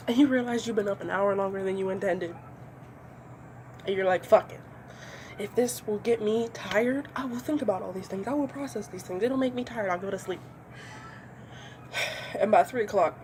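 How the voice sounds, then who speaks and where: A woman's voice: a little high, a little mellow, slight background noise. A young woman doing a comedy monologue, ranting with lots of swearing and acting out voices. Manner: profane, ranting, acts out voices.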